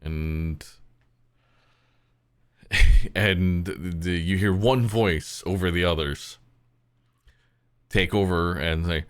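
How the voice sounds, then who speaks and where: A man narrating a live-streamed tabletop game as its game master, in a relaxed way and often chuckling. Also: low-pitched, slow, long pauses, clean tone, dry recording, studio quality.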